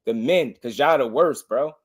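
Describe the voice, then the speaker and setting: A man's voice: mid-range voice, moderate pace, slightly rough. A man hosting a boxing livestream, delivering a heated, impassioned rant to his viewers and hammering the same points again and again. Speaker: boxing channel host.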